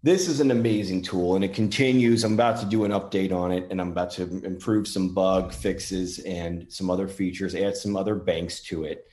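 A man with a fairly low voice talks casually through a demonstration. He sounds earnest and gentle, pausing to thank unseen listeners. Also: fairly even intonation. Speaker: paranormal app demonstrator.

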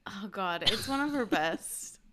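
Bright-voiced woman, dry and teasing. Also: mid-range voice, lively intonation, measured pace, a little hiss or hum. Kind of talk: casual chat.

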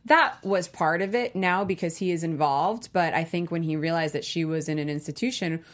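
A woman's voice: fairly low pitch, a little fast. A woman co-hosting a podcast, thinking aloud as she analyzes a TV show. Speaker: podcast co-host. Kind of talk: casual recap chat.

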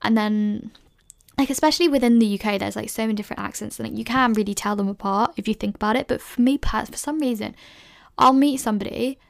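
Young woman podcaster, early twenties, a bit high-pitched with gravelly fry, chatty and rambling. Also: fast. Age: early 20s. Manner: chatty, rambling, heavy use of "like", self-conscious laughs. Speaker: podcast host. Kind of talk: casual solo Q&A podcast chat.

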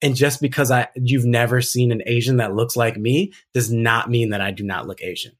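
A man's voice: medium pitch, fairly even intonation, moderate pace. A man talking as a podcast guest in casual conversation, earnest and emphatic, reflecting at length.

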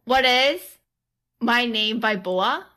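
A woman's voice: on the high side, animated, slow, pushed and bright. A woman on a casual podcast, playing a quiz contestant and giving tentative answers between laughs.

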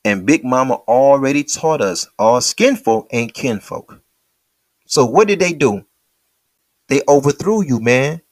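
A man hosting a podcast, talking in a casual, slangy, animated way full of rhetorical questions. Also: mid-range voice, unhurried, dry recording. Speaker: podcast host.

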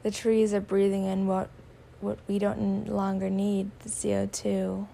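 A woman guiding a meditation, speaking slowly and softly, often slipping into a whisper. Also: mid-range voice, completely flat delivery, gravelly, a little hiss or hum. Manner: slow, soft-spoken, drifting into whispers; warm spiritual affirmations. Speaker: meditation guide. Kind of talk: guided meditation.

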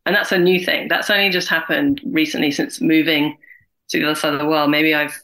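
Bright-voiced woman in her forties. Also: sits low, poor audio. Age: 40s. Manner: animated, acts out other people's lines in quick voices. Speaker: guest, carer and writer. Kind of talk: candid conversational interview.

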